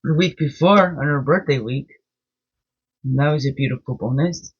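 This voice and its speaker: A woman's voice: low-pitched, normal speed, slightly rough. Woman host of a daily card-reading vlog; sing-song, heartfelt chatter over muffled lo-fi audio. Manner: sing-song greetings, chatty and openly emotional, frequent laughs. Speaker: spiritual guide and medicine woman. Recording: dull lo-fi sound.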